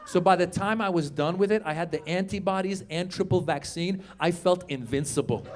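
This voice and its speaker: A man in his fifties does a stand-up set on a club stage, chatting with the crowd and leaping into loud put-on voices. His voice is high and fairly quick.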